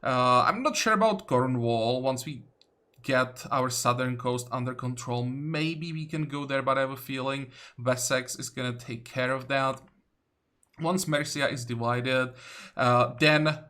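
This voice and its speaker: Man, slow unhurried pace, bright tone, thinking-aloud game commentary. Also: medium pitch. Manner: thinking aloud, many fillers and self-corrections. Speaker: let's play host. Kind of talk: casual gameplay commentary.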